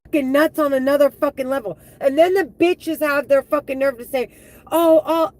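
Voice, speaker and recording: A woman live streaming an angry, profane monologue, heated and full of halting restarts. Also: high-pitched, rough recording.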